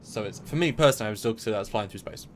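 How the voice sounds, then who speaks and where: A man co-hosting a casual livestream chat, rambling with many restarts and quick asides. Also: on the low side, animated, slight background noise. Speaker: co-host.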